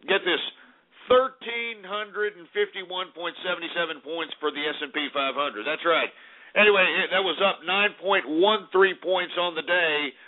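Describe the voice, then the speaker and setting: An American man hosting a talk radio show, rambling through stock market numbers with brash, mocking asides and mild swearing. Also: fairly high pitch. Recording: tinny phone-like radio broadcast.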